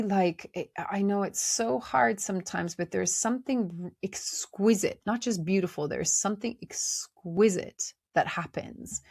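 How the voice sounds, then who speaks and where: A woman hosting a podcast, speaking in a gentle, conversational way with many fillers as she reflects on inner life. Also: medium pitch, dry recording, clean studio sound. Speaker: podcast host. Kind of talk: reflective spiritual talk.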